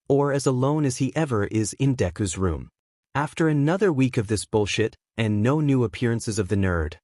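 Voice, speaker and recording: A man reading a fan fiction story aloud, keeping a steady, even storytelling pace. His voice sits at an average male pitch and comes across dry and close, with no room sound around it. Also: no echo. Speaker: narrator.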